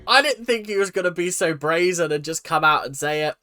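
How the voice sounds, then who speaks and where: A man's voice: a little high, expressive, a little fast, sharp tone, soft background music. A man hosting a reaction video, chatting casually and exaggerating with mock voices.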